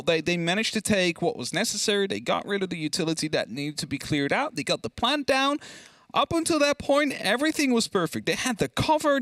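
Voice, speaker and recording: A young man casting an esports match, chatty and energetic, laughing easily. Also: high-pitched, dry recording. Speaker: esports caster. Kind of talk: esports commentary.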